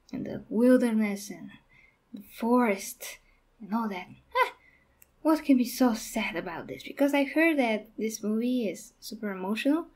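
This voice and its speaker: A young woman casually talking through a movie review on her channel, halting and restarting her sentences as she goes. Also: on the high side, darkish tone. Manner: halting, with frequent restarts and fillers.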